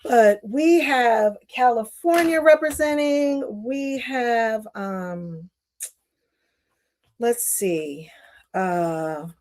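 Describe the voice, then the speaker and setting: A woman's voice: a little high, animated, extremely slow, hardly any pauses, darkish tone. A woman hosting a live quilting stream, chatting casually and welcoming viewers while she sews, with frequent fillers. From Northern Virginia.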